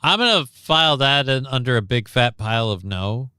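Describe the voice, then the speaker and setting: Brief: male host, loose and profane, smooth clear voice, dry close sound. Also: medium pitch, expressive, moderate pace, pushed and bright, no echo. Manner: rambling, profane, joking. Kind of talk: casual chat.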